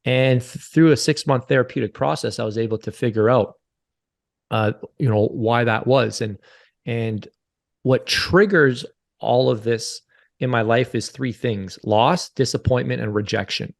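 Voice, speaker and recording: A man's voice: medium pitch, a little slow, vocal fry. Podcast guest, man in his forties, earnest and confessional storyteller who repeats himself, mid-range voice. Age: 40s. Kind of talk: candid interview storytelling.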